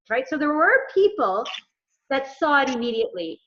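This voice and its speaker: A high-pitched woman speaks in a relaxed interview, animated as she plays out little exchanges of dialogue. The sound is dull and somewhat lo-fi. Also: moderate pace. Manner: animated storyteller acting out dialogue. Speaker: executive coach, guest. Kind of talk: casual interview conversation.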